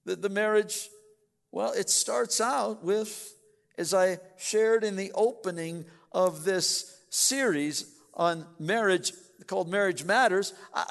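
A male pastor delivers an earnest sermon, speaking straight to his listeners. His voice sits a touch high and moves slowly and deliberately. A long reverb trails behind him in the hall. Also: creaky, fairly bright tone. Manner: earnest, addresses congregation directly. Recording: echoey church hall.

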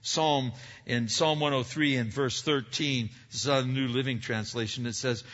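A male preacher delivers an earnest sermon, often restarting words and asking rhetorical questions. His tone is bright and forceful. The recording is dull and lo-fi, with long reverb from a hall. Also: medium pitch, steady tone, moderate pace.

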